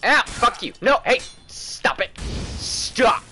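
Male gaming streamer, slow-talking, animated pitch, swears and shouts at the screen, stammers when rattled. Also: slight background noise. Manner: loud, profane trash talk at the game, yelling in bursts. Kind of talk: live gameplay commentary.

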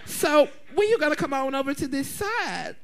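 Man putting on a soft coaxing woman's voice. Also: very high voice, wildly swooping pitch, measured pace, gravelly, heavily acted. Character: soft-spoken woman friend giving advice.

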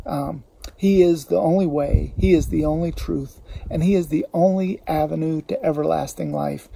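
In a church, a male pastor delivers a sermon in a gravelly, mellow voice pitched a little high, keeping a steady tone. He speaks earnestly and slows down to drive home the scripture he quotes.

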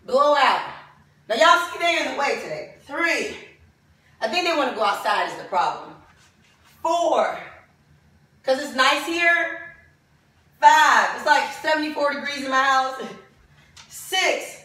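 A woman's voice: sits high, lively intonation, measured pace, long pauses, bright, forceful tone, very echoey, far from the mic. Breathless woman coaching a home workout. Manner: encouraging, counts reps aloud while exercising. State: out of breath during exercises. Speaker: fitness instructor. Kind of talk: home workout class, counting reps. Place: home room with dogs.

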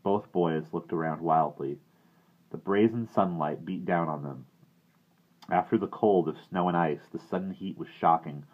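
A man narrating a novel aloud in a steady, expressive manner. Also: sits low, unhurried. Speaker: reader. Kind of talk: audiobook reading. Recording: tinny phone-like sound.

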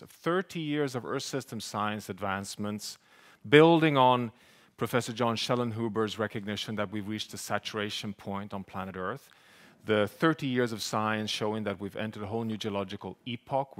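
A man with a Swedish accent speaking at a seminar, earnest and slightly halting, with a joking opening. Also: fairly low pitch, a bit bright. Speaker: professor and scientist speaking at a seminar. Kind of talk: public talk.

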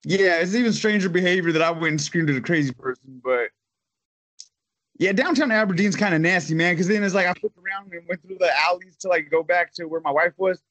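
A man rambles through a story in casual chat, swearing freely and padding it with fillers. His voice sits a little higher than most men's. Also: brisk, fairly bright tone. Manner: profane, rambling, full of fillers. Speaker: podcast host.

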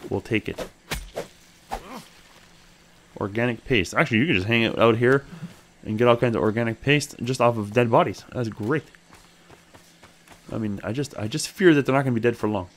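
Gaming host, male, casual let's play commentary, talks to his character, jumps to excited squeals, average pitch. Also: fairly quick. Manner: chatty, thinks aloud and talks to his character; bursts into excited high exclamations.

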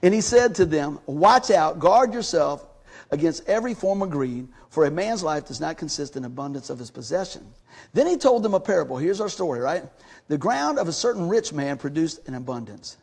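A man preaching a sermon as pastor, folksy and animated, acting out everyday conversations as he tells stories. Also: on the high side, a little fast, slightly rough. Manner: folksy, animated storytelling with acted-out dialogue.

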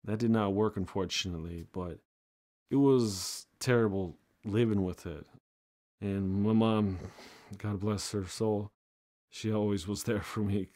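Earnest, low-voiced devout man. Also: warm tone. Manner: earnest, devout, plain-spoken. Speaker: amateur musician. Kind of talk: personal testimony and appeal.

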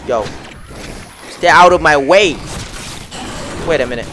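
A man streaming gameplay, reacting loudly and talking to himself as he plays. His voice sits fairly high and sounds bright, with a faint hiss behind it. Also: a little slow. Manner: excitable, lots of exclamations and self-talk. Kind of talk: live gameplay commentary.

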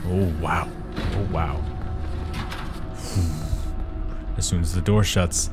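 A young man giving excitable let's-play commentary, swearing and yelling at the game as he plays. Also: sits low, extremely slow. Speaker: gaming YouTuber. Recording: game music playing behind.

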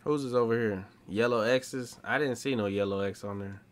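A man's voice: mid-range voice, moderate pace. A young adult man giving casual gaming commentary, slangy and talking back to the game's characters. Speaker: gaming streamer.

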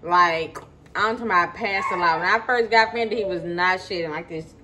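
A woman's voice: fairly low pitch, fairly quick, bright, forceful tone. A woman vlogging at home in her kitchen, chatting casually to her viewers and repeating points for emphasis. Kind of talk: casual chat to camera. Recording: noisy home recording.

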